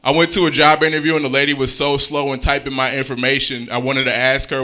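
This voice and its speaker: A young man working a comedy club stage through a handheld mic, his voice sitting at an everyday middle pitch. He talks in a loose, self-deprecating way, tossing off punchlines like casual conversation. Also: little pitch movement, quick pace, few pauses, sharp tone. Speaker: stand-up comedian. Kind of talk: stand-up comedy routine.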